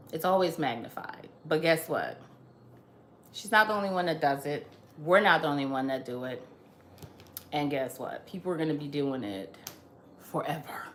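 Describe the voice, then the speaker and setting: Lively, slow-talking woman lecturing. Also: fairly low pitch, echoey room. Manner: emphatic, repetitive, lecturing. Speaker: host. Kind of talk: opinion monologue.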